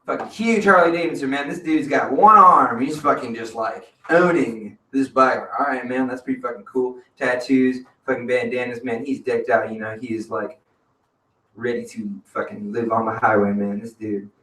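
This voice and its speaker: A man's voice: medium pitch, fairly even intonation, normal speed, sharp tone. Rambling man, casual storyteller full of swearing and slang, mic at a distance in an echoey cafe. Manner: profane, rambling, peppered with "man" and "dude". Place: cafe open mic stage. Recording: roomy venue audio from a distance.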